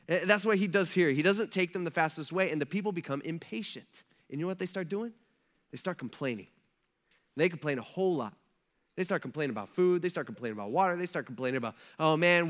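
Bright-voiced man preaching conversationally. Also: high-pitched. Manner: conversational preaching with rhetorical questions and asides. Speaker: pastor. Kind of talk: sermon.

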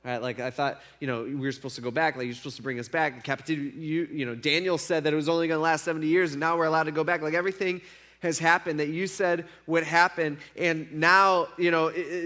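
A man's voice: on the high side, fairly bright tone. A young man giving a casual sermon, retelling a story in a conversational way with lots of fillers. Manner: conversational, filler-heavy storytelling with acted quotes. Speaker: preacher.

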